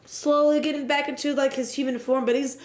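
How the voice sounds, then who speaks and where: High-voiced, animated young woman streamer. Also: brisk. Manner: animated, profane, jokey storytelling. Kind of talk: casual game recap.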